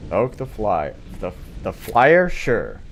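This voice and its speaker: A man's voice: fairly low pitch, huge pitch swings, slow pace, soft background music. Exasperated, swearing male game streamer. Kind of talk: casual gaming commentary.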